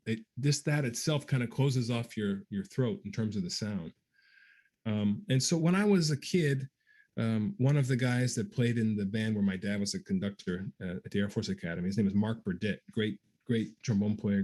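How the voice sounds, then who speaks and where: A man's voice: fairly low pitch, a little mellow. Man musician explaining technique, thinking aloud. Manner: thoughtful, many ums, scats articulation syllables aloud. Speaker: guest trombonist answering viewer questions. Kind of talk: casual livestream Q&A.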